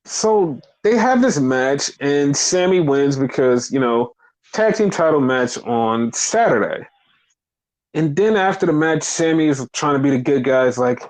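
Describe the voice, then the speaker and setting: A man chatting casually on a podcast, recapping wrestling with lively, swearing retellings and acted-out quotes. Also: fairly high pitch, normal speed. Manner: animated, swears freely, acts out quotes. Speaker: podcast co-host.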